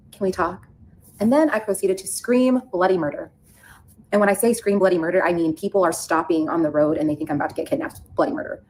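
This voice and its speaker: A woman telling a personal story in a fast, animated, chatty way. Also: lowish voice, slight background noise, low-quality recording.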